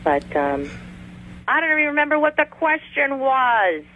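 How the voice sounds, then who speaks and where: A woman's voice: sits high, sing-song, normal speed, a little hiss or hum. Woman talking over a tinny phone line. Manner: chatty, long-winded, laughs easily. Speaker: voice actress guest. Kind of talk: casual interview chat. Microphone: phone call.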